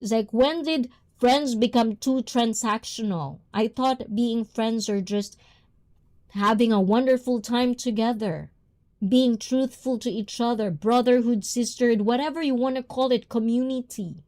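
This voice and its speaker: A woman's voice: on the high side, unhurried, a little mellow. A woman livestream host, not a native English speaker, talking bluntly and reading viewer comments aloud. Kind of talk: casual talk with chat.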